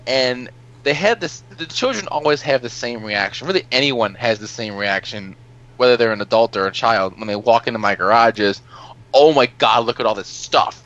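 A man spins long, rambling stories on a podcast in a casual storytelling chat, swearing freely and laughing at his own anecdotes. His mid-range voice is fairly bright and he talks at a normal speed. The recording has a dull, lo-fi sound.

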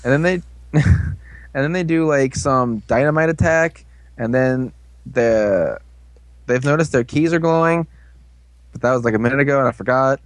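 A man giving an excited, casual recap of an episode, slipping into quick character voices. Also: mid-range voice, dry recording. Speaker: fan commentator.

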